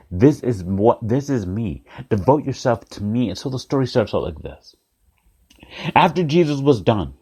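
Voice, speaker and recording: A man preaching in a mid-pitched voice, telling a story with lively, repetitive phrasing. He turns to his listeners often with direct questions. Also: husky. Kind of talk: sermon.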